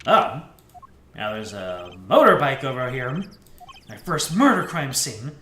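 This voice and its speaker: A man's voice: mid-range voice, sing-song, unhurried, pushed and bright, echoey room, a little hiss or hum. A man doing an earnest young lawyer. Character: earnest young male defense attorney.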